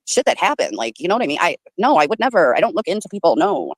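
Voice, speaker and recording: A woman's voice: lowish voice, fast talker, no room sound, clean studio sound. A woman in a heated casual chat, indignant and swearing. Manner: animated, profane, indignant.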